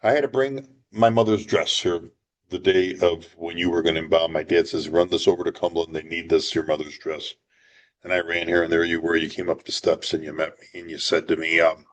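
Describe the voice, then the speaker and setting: A man's voice: sits low, moderate pace. A man hosting a casual interview, talking in an effusive, rambling way. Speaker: host.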